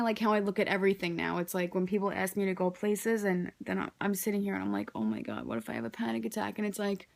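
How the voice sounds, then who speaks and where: A young woman talking casually to her camera, candid and rambling, peppering her speech with "like" and frequent swearing. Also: fairly low pitch. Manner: candid, rambling, swears freely, says "like" often. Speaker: vlogger.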